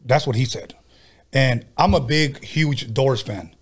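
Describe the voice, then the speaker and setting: A man's voice: medium pitch, measured pace. A man hosting a podcast, telling casual, profane stories in a laid-back way. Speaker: podcast host. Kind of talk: casual storytelling chat.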